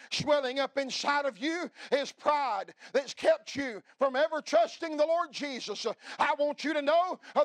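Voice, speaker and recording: Middle-aged man, pastor, revival sermon; very high voice, close dry sound; drops to hushed pleas, then shouts. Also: no room sound. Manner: impassioned, swings between hushed pleading and shouting, frequent "uh" fillers.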